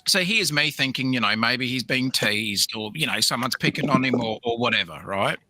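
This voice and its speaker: A man's voice: medium pitch, animated, moderate pace, noisy background. A middle-aged man hosting a livestream, telling a rambling, laughing story with many restarts. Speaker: livestream host. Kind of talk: casual storytelling chat.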